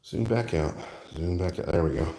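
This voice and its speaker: A man's voice: low-pitched, moderate pace, warm tone. A man hosting his own build video, talking to viewers in a casual running chat with jokey asides while he assembles a cabinet. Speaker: maker and video host. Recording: echoey room with faint noise and clicks.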